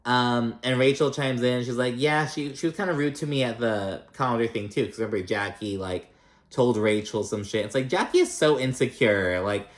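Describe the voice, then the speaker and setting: A man's voice: medium pitch, normal speed, roomy sound. A man giving a casual, chatty recap of a reality show, swearing freely and mimicking people's lines. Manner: chatty and profane, acts out quotes in mock voices.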